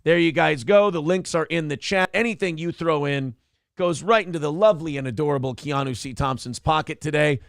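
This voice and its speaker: A man hosts a live talk show, excitable and laughing often as he reads out donations. His voice has a gravelly edge and sits a little high. The sound is dry and close. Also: brisk, no room sound. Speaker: host. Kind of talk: casual live show chat.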